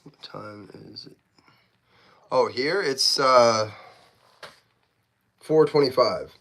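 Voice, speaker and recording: A man's voice: medium pitch, drawn-out words, bright, forceful tone, a little hiss or hum. A Canadian man with a Canadian accent chatting casually on a knife-sharpening livestream, reading viewer comments aloud while he works.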